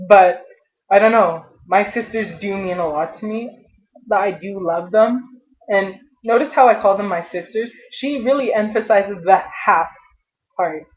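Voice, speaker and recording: A young adult woman venting in a personal vlog, frustrated and halting, often restarting her sentences. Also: medium pitch. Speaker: vlogger. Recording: dull lo-fi webcam audio.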